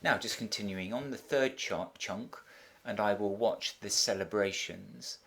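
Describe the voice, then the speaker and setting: A middle-aged man with a fairly low voice explains a translation exercise step by step. He talks like a teacher at his desk, methodical and unhurried, with frequent ums and small restarts along the way. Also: fairly bright tone. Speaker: Spanish teacher.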